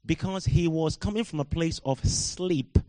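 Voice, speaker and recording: An African man delivers a sermon at an unhurried pace in a fairly high voice, moving from quiet, reflective musing to loud shouting and laughter at his own expense. There's no echo in the recording.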